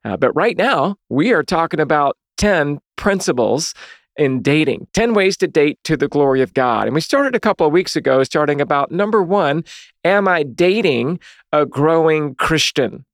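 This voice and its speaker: A man's voice: a little high, animated, moderate pace, dry recording, studio quality. A man telling a personal story in a casual, conversational way, acting out the dialogue, as a Christian dating speaker.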